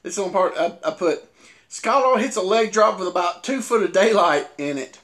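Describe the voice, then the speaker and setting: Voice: medium pitch, lively intonation, moderate pace, fairly bright tone. A podcast co-host in casual wrestling chat, laughing often and easily tickled.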